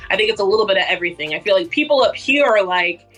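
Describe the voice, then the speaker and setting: A woman's voice: mid-range voice, animated, very fast, fairly bright tone, slightly rough, faint music behind. A woman co-hosting a podcast in casual chat, rambling and breaking into giggles. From Boston. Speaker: podcast co-host.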